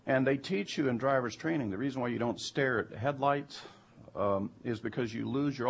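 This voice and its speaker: A man's voice: mid-range voice, creaky, husky. A man telling a personal anecdote in an emphatic way that turns heated and incredulous. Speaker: storyteller recounting jury duty.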